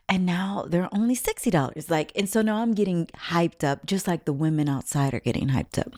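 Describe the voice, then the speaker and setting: A woman tells a personal story in a casual, animated way. Her voice sits low, and she sometimes drops into a whisper to act out what others said. The recording is dry and close. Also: no echo. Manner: animated storyteller, acts out overheard quotes in whispers. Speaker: spiritual vlogger.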